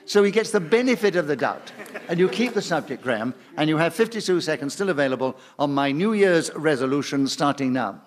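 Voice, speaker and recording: A man's voice: on the high side, animated, brisk. A man chairing a radio panel game in a studio with an audience, ruling on challenges in a jovial way and calling players darling.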